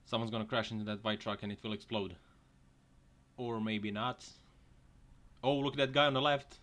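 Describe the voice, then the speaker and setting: A man hosting a casual video, laughing often and shouting at what he sees on screen, joking as he goes. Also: lowish voice, fairly even intonation, normal speed. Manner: laughs often, exclaims loudly at crashes; jokey, slips into silly put-on voices. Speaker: host. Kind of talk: casual commentary over clips. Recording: noisy background.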